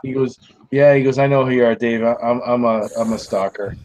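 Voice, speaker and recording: A man's voice: medium pitch, steady tone, a little fast, background noise. A man, a podcast host telling a long, rambling story in casual chat. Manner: rambling, restarts, acts out quoted people.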